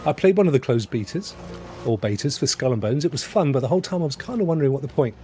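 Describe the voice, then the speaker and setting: A man's voice: mid-range voice, lively intonation, quick pace, darkish tone, soft background music. A man from England hosting a live stream and chatting loosely while he plays, chuckling often. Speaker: gaming streamer host. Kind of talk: live gameplay commentary.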